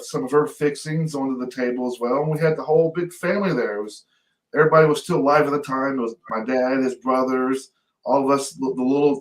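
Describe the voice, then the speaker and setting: A man co-hosting a talk show, telling a family story in a lively, laughing way and mimicking his relatives. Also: medium pitch. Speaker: podcast co-host. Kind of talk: casual storytelling. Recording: echoey room, off-mic.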